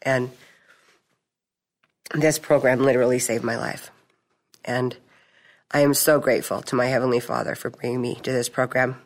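A middle-aged woman sharing her testimony at a recovery meeting, telling stories in a chatty, animated way. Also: very deep voice, moderate pace, pauses often. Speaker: support group member.

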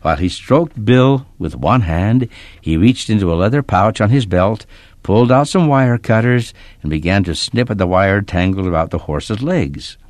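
A man narrating a children's story in a steady, expressive reading style. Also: lowish voice, normal speed, no room sound.

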